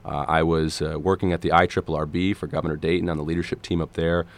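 A man in his thirties from Minnesota talks policy as a guest on a radio interview. His voice sits very low and comes out gravelly and a bit hoarse today. He speaks earnestly, stumbling into restarts and fillers as he builds his points. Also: flat delivery, fast talker. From Minnesota, USA. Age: 30s. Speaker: political candidate guest.

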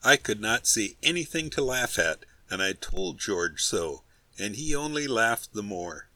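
A man narrating a comic novel in a wry, even storytelling voice. His tone is bright and forward. The recording is dry and close. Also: lowish voice, a little slow, no echo. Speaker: audiobook reader. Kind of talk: scripted narration.

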